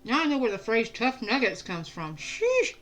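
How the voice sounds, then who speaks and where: A woman's voice: a little high, huge pitch swings, moderate pace, faint music behind. A young woman streaming a video game, chatting casually with a chatty, self-deprecating manner and frequent laughs. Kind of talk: casual let's-play chat.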